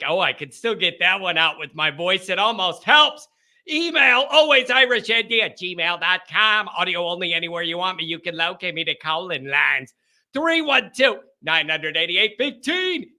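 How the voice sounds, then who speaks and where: Male call-in show host, sick and hoarse, high and bright, rambling and joking at his own expense. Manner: chatty, self-deprecating, rambling. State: hoarse, sick, sore throat.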